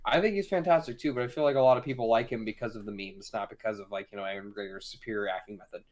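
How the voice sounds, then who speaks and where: A man's voice: lowish voice, racing. A man co-hosting a casual podcast, teasing his co-host in a laid-back way. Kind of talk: casual chat.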